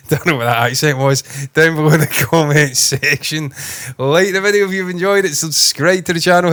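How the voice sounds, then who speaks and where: A man's voice: a little high, fairly bright tone. A man co-hosting a casual movie review chat, swearing freely and teasing his partner in a joking way. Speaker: co-host of a movie review channel.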